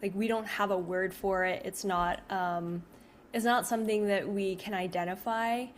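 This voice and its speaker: A woman's voice: medium pitch, steady tone, normal speed, slight background noise. Chatty woman telling a ghost story. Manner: rambling, heavy use of "like", frequent restarts. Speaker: video creator. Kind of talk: casual storytelling to camera.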